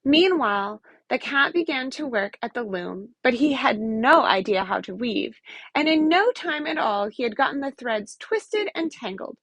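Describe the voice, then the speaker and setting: A woman reads a folk tale aloud with lively, expressive storytelling. Her voice sits a little high and is recorded close and dry. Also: moderate pace, slightly rough, dry recording.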